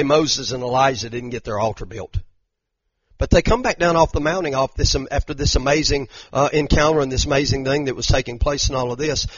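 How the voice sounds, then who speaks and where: Male preacher, dramatic storyteller, dry husky tone. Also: mid-range voice, no echo. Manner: animated, dramatic retelling, frequent repeated "and"s, southern "y'all". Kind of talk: sermon. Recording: dull lo-fi sound.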